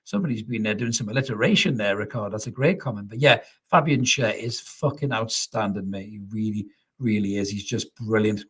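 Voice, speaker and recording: A husky-voiced Geordie man from North East England hosts a fan channel's live post-match reaction chat from home, reading out comments. His voice is lowish and a little fast, and he swears freely and repeats himself.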